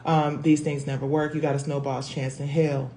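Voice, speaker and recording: A woman's voice: deep voice, level tone, normal speed, dark tone. A woman hosting her own livestream, talking candidly and emotionally, swearing casually and calling her viewers y'all. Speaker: host. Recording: faint background noise.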